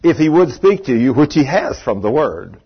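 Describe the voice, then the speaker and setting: A man's voice: medium pitch, very animated, moderate pace, slightly rough. An older man, a pastor telling a story in a sermon in a folksy, chatty way and chuckling often as he talks to the congregation. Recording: muffled lo-fi sermon recording.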